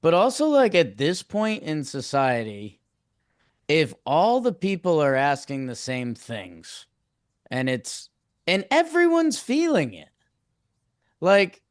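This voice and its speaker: A man's voice: a little high, huge pitch swings, slow pace, dry recording, studio quality. A man co-hosting a casual sports podcast, frustrated and rambling, restarting his thoughts often. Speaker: podcast co-host.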